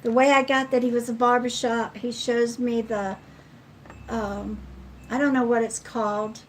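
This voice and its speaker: A middle-aged woman giving a live psychic card reading in a slow, chatty way, counting cards aloud. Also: on the high side, flat delivery, slight background noise, rough recording. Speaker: psychic reader.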